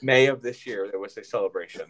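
A man's voice: lowish voice, fast talker, fairly bright tone, low-quality recording. A man co-hosting a casual podcast, talking in a rambling, chatty way with many fillers and restarts. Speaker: podcast co-host.

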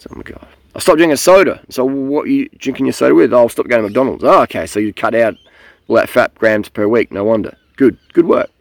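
A man's voice: mid-range voice, fairly quick, vocal fry, dry recording. A young man talking to camera outdoors in a blunt, rambling, profane way about cycling habits. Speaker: cycling vlogger. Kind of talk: casual rambling monologue.

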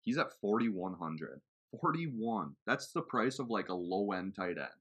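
A man co-hosting a casual fantasy football podcast, relaxed and agreeable. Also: on the low side, unhurried, slightly rough. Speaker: podcast co-host.

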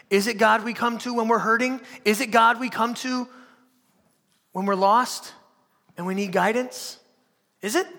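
A male pastor delivers a sermon in a big hall, his voice pitched high as he fires off rhetorical question after rhetorical question that climb to loud, forceful peaks.

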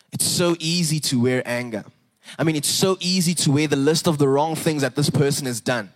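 Earnest young male preacher. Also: a little high. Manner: earnest and animated, with repeated words and emphatic rises. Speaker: pastor. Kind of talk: sermon.

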